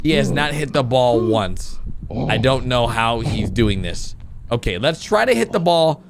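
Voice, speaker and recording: A man hosting a reaction video, commenting in a casual, excitable, exclamatory way and talking straight to his viewers. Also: medium pitch, measured pace, noisy background.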